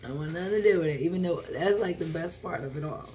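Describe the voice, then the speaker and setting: A woman's voice: deep voice, fast, warm tone, a little hiss or hum. A woman hosting a casual eating vlog, talking between bites in a loose, slangy way and often chuckling. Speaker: mukbang vlogger.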